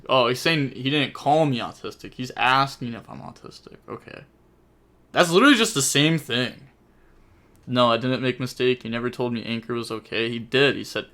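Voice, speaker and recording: Young guy streamer, bright forceful voice, ranting casually, yelps up high when something's ridiculous. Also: unhurried. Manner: incredulous, exclaims in sudden high bursts. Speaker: streamer commentating a card game match. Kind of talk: casual commentary, reading chat aloud.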